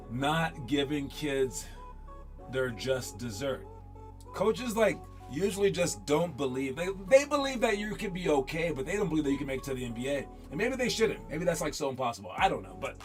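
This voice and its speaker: In a mid-range voice, a basketball coach gives a casual motivational talk. He rambles and repeats words while acting out what other people say.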